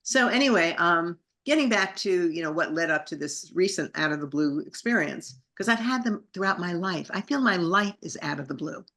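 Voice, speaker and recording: A woman's voice: on the low side, expressive, moderate pace, few pauses, fairly bright tone. A middle-aged woman, a singer and actress, telling her story in an interview with an enthusiastic, grateful manner.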